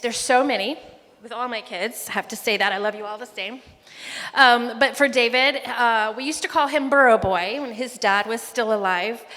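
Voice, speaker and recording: A woman's voice: on the high side, a bit bright. A middle-aged woman, mother of the groom, giving an emotional, rambling wedding speech with a family story. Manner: emotional, rambling, fighting back tears. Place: wedding reception hall. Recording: long hall reverb.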